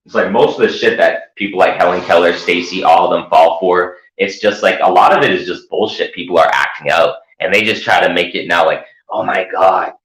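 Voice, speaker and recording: A man's voice: deep voice, fairly quick, few pauses, fairly bright tone, roomy sound, rough recording. A man hosting his own channel, ranting in sarcastic, profane commentary. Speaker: channel host.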